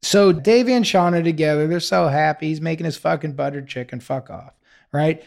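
High-voiced, profane, joking man. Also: fairly quick, creaky, darkish tone. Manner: playful, profane, goofing around. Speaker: podcast co-host. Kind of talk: casual podcast chat.

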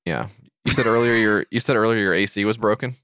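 A man's voice: fairly low pitch, quick pace, a bit bright, dry recording, clean studio sound. A man co-hosting a podcast, riffing sarcastically and reading items aloud in casual chat. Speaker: podcast co-host.

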